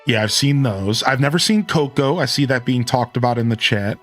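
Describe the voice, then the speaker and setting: A man's voice: medium pitch, normal speed, soft background music. A man in his thirties from Ohio with an Ohio accent, chatting casually with viewers as a live streamer, rambling and correcting himself. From Ohio, USA. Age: 30s. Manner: rambling, self-correcting, animated.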